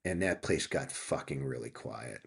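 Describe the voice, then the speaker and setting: Gravelly and a bit rough, this bass voice moves at a normal pace. It's a fiftysomething guest author from Pennsylvania telling a story in a relaxed interview, lively as he acts out quotes and curses a lot.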